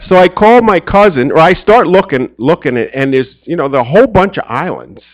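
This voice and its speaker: The audio is dull and the pace brisk as a middle-aged man delivers a storytelling sermon to a men's church gathering. Sharing a personal story, he animatedly performs his friends' lines in a high, excited voice.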